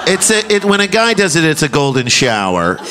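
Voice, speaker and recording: A man hosting a comedy talk show, joking loudly and laughing often with his co-hosts. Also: a little high, fairly quick, background noise. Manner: loud, laughing, animated. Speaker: host. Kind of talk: comedic podcast banter.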